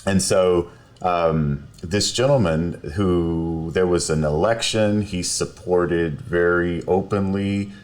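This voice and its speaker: A man, a lawyer, telling a story in a casual podcast interview, animated and quick to laugh while acting out quotes. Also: sits low. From South Texas. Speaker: personal injury lawyer, podcast guest. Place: podcast studio.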